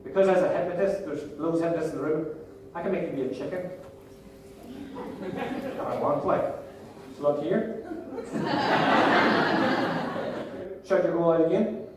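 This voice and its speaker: A man's voice: a little high, unhurried, pauses often. A man in his thirties with a Northern Irish accent gives a playful, jokey seminar talk as a motivational speaker, directing the crowd. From Northern Ireland. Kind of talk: live seminar talk to an audience. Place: large echoey hall. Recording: echoey hall from far off with background noise.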